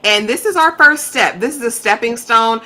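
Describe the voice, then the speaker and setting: Woman giving her honest take on an episode, bright voice, chatty. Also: a little high, lively intonation, normal speed. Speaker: co-host reviewing a TV series. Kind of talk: casual review chat.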